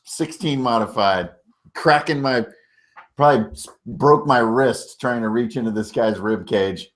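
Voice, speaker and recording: A man's voice: medium pitch, measured pace. Jokey man playing a tabletop game. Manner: jokey, blunt, swears casually. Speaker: player. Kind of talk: casual tabletop play.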